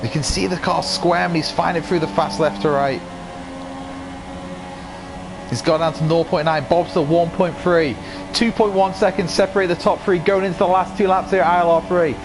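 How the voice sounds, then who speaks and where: A man with a croaky voice giving excitable live commentary on an online racing league, rising to yells at incidents. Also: a little high, moderate pace, music in the background.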